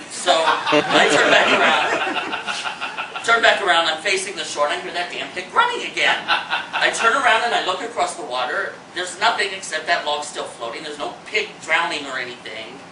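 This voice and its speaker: A man's voice: on the high side, far from the mic. A man from Indiana performing a comic one-man storytelling show, acting out his panic with shrieked lines. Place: theater stage with a live audience. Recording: roomy hall, mic from afar, noisy.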